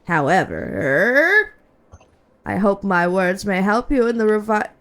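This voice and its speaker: A woman's voice: medium pitch, very animated, a bit bright. A woman reading as a prim imperial bureaucrat. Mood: formal. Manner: formal, measured, coolly polite. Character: prim female imperial bureaucrat, cold and precise. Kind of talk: reading game dialogue aloud.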